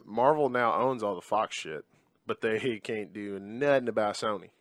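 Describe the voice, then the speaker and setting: A man's voice: lowish voice, moderate pace, dry recording, clean studio sound. A man co-hosting a casual podcast, blunt and dismissive, with plenty of swearing. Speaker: podcast co-host.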